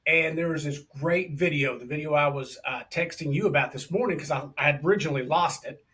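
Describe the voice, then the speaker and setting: An enthusiastic male podcast host, talking in a loose, casual way and calling his guest brother. His voice sits a bit higher than most men's. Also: brisk, fairly bright tone. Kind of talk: casual interview chat.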